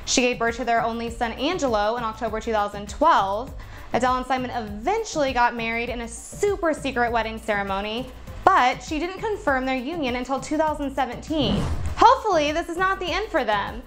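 Upbeat lady reading celeb news, high voice, soft music behind. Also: animated, brisk. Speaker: entertainment news reporter. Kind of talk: scripted news read.

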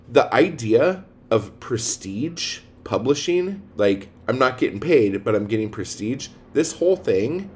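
A blunt, foul-mouthed man ranting straight to his audience about writing and publishing. His pitch leaps around constantly, from grumbling low asides up to loud, exasperated outbursts. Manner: profane, blunt, heated ranting; swings between low mutters and loud outbursts. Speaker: poet and writing coach. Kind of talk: ranting video monologue.

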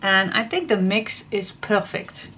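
A middle-aged woman with a Dutch accent hosts a crafting vlog, gushing over each new thing she shows. Her delivery is slow and unhurried, with a bright, forward tone. Faint room noise sits behind her voice. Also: mid-range voice. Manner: gushing, excitable, repeats oh my gosh. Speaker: paper craft channel host.

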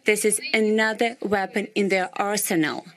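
A woman's voice: medium pitch, fairly even intonation, moderate pace. A woman on a team giving formal commentary on a news item. She speaks earnestly and stresses key points. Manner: earnest, emphatic.

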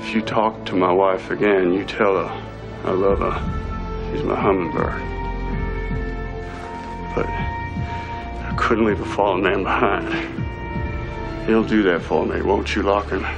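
Drawling Southern convict dad. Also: male voice, low voice, fairly even intonation, lo-fi sound. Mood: earnest. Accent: Southern US (put on). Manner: slow drawl, gravelly. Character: soft-spoken convict father, gentle but determined. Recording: film clip over music score.

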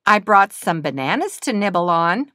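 An eager, friendly baboon schoolboy, put on by a woman reading a picture book, offering things in a quick, bouncy way. The voice stays close to the reader's own. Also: fairly low pitch, very animated, bright, forceful tone, dry recording. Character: friendly young male baboon pupil. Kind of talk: storybook reading.

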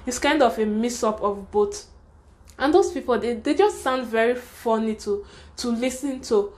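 A young woman from Nigeria with a Nigerian accent and a fairly high voice talks fast and frankly in a casual storytime vlog. She gives advice in a chatty way, sprinkling in the word "sha" and plenty of laughter. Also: a little mellow. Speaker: vlogger.

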